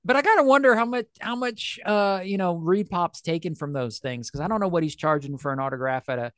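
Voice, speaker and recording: A man's voice: high-pitched, brisk, a bit bright, smooth, no room sound, clean studio sound. A man co-hosting a casual chat, joking, laughing often and doing silly quoted voices. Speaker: podcast co-host.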